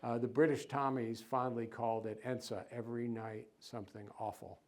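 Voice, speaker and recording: Middle-aged guy lecturing at a museum, chatty, lots of uhs and little laughs, mid pitched voice. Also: level tone, moderate pace, noisy background. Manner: conversational, with fillers and small chuckles, reads quotes with lifted voice. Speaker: author giving a museum lecture. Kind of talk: public lecture with read-aloud passages. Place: lecture hall.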